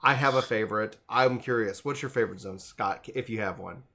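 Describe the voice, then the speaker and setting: A man's voice: on the low side, fairly quick, bright, forceful tone. A man hosting a casual gaming podcast, talking enthusiastically in rambling runs with frequent restarts. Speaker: podcast host.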